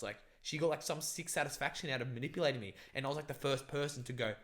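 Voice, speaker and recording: A man's voice: on the high side, lively intonation, fast, a bit bright. A young man telling a rambling story on a podcast, full of filler words and swearing. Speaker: podcast co-host. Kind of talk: casual storytelling chat.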